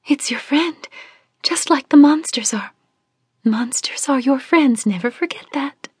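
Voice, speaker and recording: A woman's voice: sits high, big pitch swings, takes it slowly, no echo, clean studio sound, voice pushed up, full character voice. A woman playing a dreamy, airy mother with visions. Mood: urgent whisper. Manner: breathy, airy whisper. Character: dreamy, eccentric middle-aged mother with visions.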